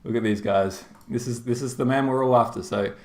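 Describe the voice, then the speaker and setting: Brisk and steady at a medium pitch, with a slightly mellow quality, an Australian man hosts and casts a game tournament stream. He's chatty and rambling, laughs a lot, leans on fillers, and the sound carries a roomy echo.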